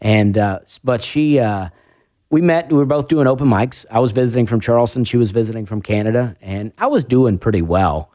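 A man's voice: medium pitch, a little fast, dark tone, no echo, studio quality. A man with a faint Southern accent, a stand-up comedian talking casually on a podcast, rambling and self-deprecating with lots of restarts. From American South.

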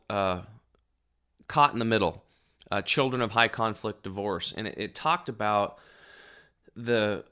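A man's voice: on the low side, a bit bright. A middle-aged man casually telling an emotional personal story, rambling and acting out the people he quotes.

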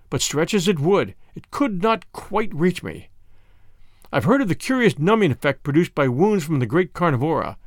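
Male audiobook narrator, dramatic, measured, higher voice, dry close sound. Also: no echo. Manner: measured, vivid first-person storytelling.

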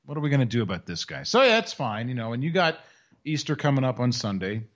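A man's voice: medium pitch, sing-song, fairly bright tone. A man co-hosting a podcast, joking in a wry, casual chat. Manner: wry, joking, drawn-out explanations. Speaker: podcast co-host. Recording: dull lo-fi podcast audio.

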